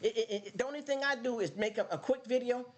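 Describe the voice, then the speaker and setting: A woman's voice: on the high side, quick pace. Blunt, scolding woman live-streaming. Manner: blunt, scolding, repeats phrases for emphasis. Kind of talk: casual live-stream rant.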